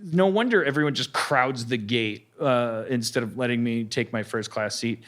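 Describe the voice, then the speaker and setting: A man's voice: medium pitch, moderate pace, a bit bright. A man hosting a live comedy podcast, telling a rambling, stammering story and acting out voices. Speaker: podcast host. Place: live stage before an audience.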